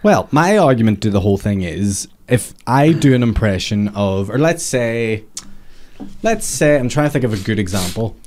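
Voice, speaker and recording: A man's voice: lowish voice, expressive, normal speed, darkish tone. A man co-hosting a podcast in casual chat, easygoing, reading comments aloud with dry asides. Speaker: podcast co-host.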